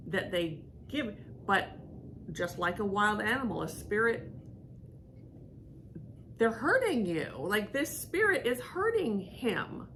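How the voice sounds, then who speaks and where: A woman hosting as a psychic medium, talking in a rambling, halting way with many fillers and restarts. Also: mid-range voice, sing-song, fairly bright tone, a little hiss or hum. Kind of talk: casual reaction chat.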